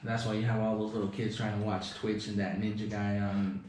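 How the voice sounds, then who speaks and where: A man's voice: on the low side, level tone, brisk, a little mellow, recorded from a distance, slight background noise. A young man guesting on a podcast tells loose, rambling stories, swearing and making joking boasts. His voice is heard from a little off the mic in a very reverberant room. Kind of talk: casual chat.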